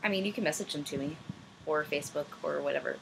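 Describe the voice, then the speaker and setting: A woman's voice: deep voice, fast talker, gravelly, noisy background. A young woman vlogger answering viewer questions in casual chat, rambling and self-deprecating, with many ums. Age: young adult. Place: room at home, backlit.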